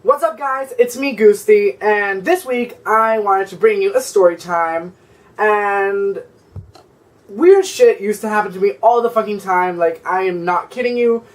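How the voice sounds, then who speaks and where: A man's voice: high voice, a little slow, recorded from a distance, soft background music, low-quality recording. A young man telling a story-time vlog in a sassy, profane, rambling way, filling his talk with "like". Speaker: vlogger.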